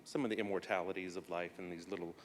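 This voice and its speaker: A man from the audience asking a question at a talk, halting and searching for his words. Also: low voice, steady tone, slight background noise.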